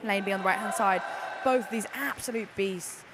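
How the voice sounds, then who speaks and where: A woman doing live sports commentary, excitable and gushing, with lots of fillers and restarts. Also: mid-range voice, normal speed. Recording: busy venue noise behind.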